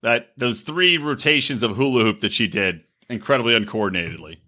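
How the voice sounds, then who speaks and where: A man's voice: medium pitch, a little fast, bright, forceful tone. A man co-hosting a podcast, chatting casually about reality TV, acting out quotes and cracking crude jokes. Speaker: podcast co-host. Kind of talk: casual chat recapping reality TV.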